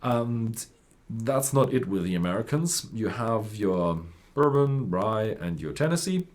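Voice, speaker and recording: A man's voice: on the low side, expressive, measured pace. A man explaining whisky types in loose, rambling talk, full of fillers and self-corrections. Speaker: whisky presenter. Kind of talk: unscripted explainer.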